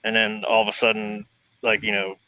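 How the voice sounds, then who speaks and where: A man's voice: lowish voice, completely flat delivery, fairly quick, no echo, highs cut off. A man hosting a casual online panel chat, asking questions in a chatty way full of fillers. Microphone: headphones and home mic on a video call.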